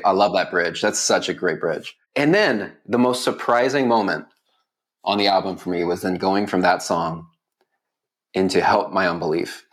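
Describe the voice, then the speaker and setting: Eager man, low voice, full of "like". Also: normal speed. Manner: enthusiastic, heavy use of "like" fillers. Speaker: interviewer. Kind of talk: casual conversational interview.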